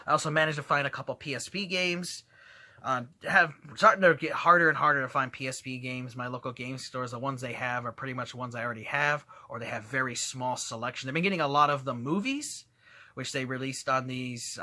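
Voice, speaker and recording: Upbeat bright-voiced male game collector. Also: mid-range voice. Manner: enthusiastic, rambling, filler-heavy. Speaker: video game collector vlogger. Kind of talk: casual show-and-tell vlog.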